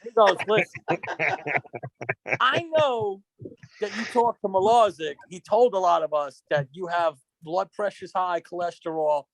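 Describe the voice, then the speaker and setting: A man's voice: high voice, measured pace, no room sound. A young man telling rambling, profane stories on a casual podcast, laughing as he goes. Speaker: podcast guest. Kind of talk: casual storytelling chat.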